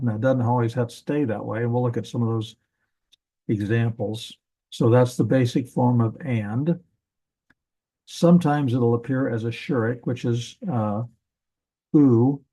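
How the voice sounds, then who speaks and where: Mellow-voiced man teaching Hebrew grammar. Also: medium pitch, creaky, slightly rough, low-quality recording. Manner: casual, thinking aloud with self-corrections. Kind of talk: classroom grammar lesson.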